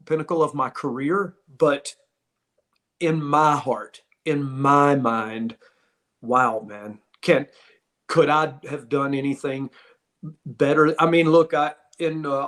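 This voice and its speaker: A man's voice: a little high, a bit bright. A middle-aged man hosting a podcast, telling wrestling stories in a casual, rambling way with many restarts. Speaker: podcast host, former pro wrestler. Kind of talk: casual storytelling.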